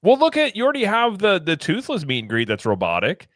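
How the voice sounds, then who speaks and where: A man co-hosting a casual livestream, reading viewer comments and riffing on them with jokes. His pitch jumps around a lot as he talks. The sound is dry and close. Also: quick pace, no room sound. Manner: joking, animated, reads viewer comments aloud. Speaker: podcast co-host reading chat.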